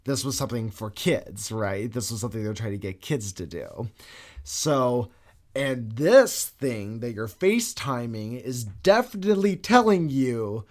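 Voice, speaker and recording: Man, podcast co-host, casual chat, mid-range voice, animated storyteller, curses freely. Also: medium pitch, unhurried.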